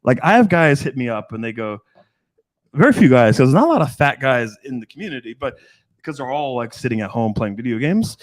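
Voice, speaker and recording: A man's voice: mid-range voice, sing-song, fairly quick. Blunt, profane middle-aged man. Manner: blunt, profane, acts out quoted voices. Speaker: dating coach. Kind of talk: casual podcast chat.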